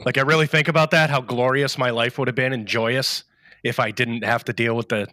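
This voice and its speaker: A man's voice: mid-range voice, fairly even intonation, fairly quick, pushed and bright, no room sound, studio quality. A man from Rhode Island, co-hosting a chat show with crude, scornful remarks. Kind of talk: casual live-stream chat.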